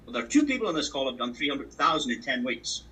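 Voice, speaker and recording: A man's voice: a little high, sing-song, fast, pushed and bright, recorded from a distance, poor audio. A man giving a motivational training talk on a call, emphatic and repetitive, driving his points home with sports analogies. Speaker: business opportunity trainer. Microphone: call audio.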